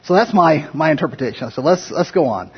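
A man teaches an informal Bible study to a group in a room, chatting through the passages and asking the class questions. His voice sits fairly high and sounds husky. The recording is dull and lo-fi. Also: lively intonation, a little fast. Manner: conversational, paraphrases scripture with acted-out quotes, asks the class questions.

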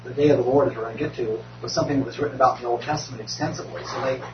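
A man in a Bible study group, speaking haltingly and restarting his sentences. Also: medium pitch, fairly even intonation. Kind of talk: group discussion. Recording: distant echoey lo-fi with hum.

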